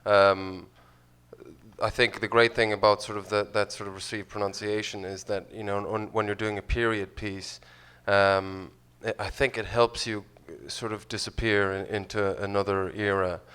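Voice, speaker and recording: A man with an Irish accent, the lead actor on a festival panel, talking in a relaxed, casual way. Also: fairly low pitch, normal speed, clean tone. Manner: relaxed, casual, with loose fillers. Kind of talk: panel discussion answers. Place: film festival panel stage.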